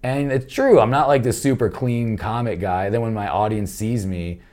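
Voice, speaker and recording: A man's voice: lowish voice, normal speed, darkish tone. A young adult man, a comedian guest in casual podcast chat, talking candidly and rambling, swearing freely and acting out quotes.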